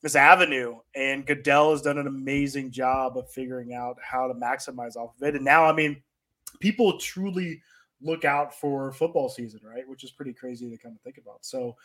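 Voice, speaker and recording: A man's voice: medium pitch, fairly even intonation, normal speed, fairly bright tone. A man hosting a sports technology podcast, talking in a loose, conversational way. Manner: loose and conversational, many fillers and restarts. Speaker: podcast host. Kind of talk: casual sports-tech chat.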